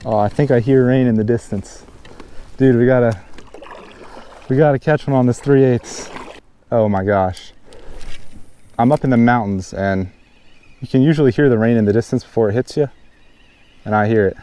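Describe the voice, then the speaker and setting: A man hosting a fishing vlog, chatting casually outdoors by a mountain pond and getting excited over each catch. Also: mid-range voice, moderate pace, pauses often. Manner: chatty, excited when hooking fish. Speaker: fishing channel host.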